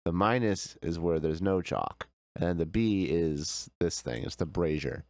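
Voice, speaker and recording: A male streamer with a fairly low voice, talking through a game in a relaxed, chatty way and answering viewers as he plays. He speaks into a close mic with a dry sound. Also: a little slow, dry recording. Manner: easygoing, chatty, answers chat with frequent laughs. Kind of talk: casual gameplay chat.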